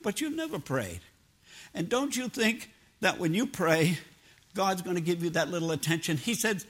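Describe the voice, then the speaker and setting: A man's voice: high-pitched, animated, moderate pace, a bit bright. An older man preaching a sermon in a homespun, plain-spoken way, mixing personal stories with scripture. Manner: homespun, plain-spoken, drops into everyday grammar.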